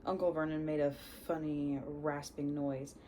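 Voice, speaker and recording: A young woman reading a book aloud, unhurried, often stumbling over words and correcting herself. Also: deep voice, level tone, dark tone, a little hiss or hum, low-quality recording. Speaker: reader. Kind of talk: storybook read-aloud.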